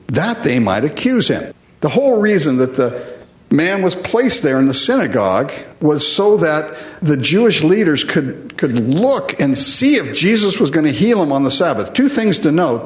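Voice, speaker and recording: A man's voice: mid-range voice, reverberant, lo-fi sound. A man preaching a sermon, emphatic and full of rhetorical questions, repeating words for stress.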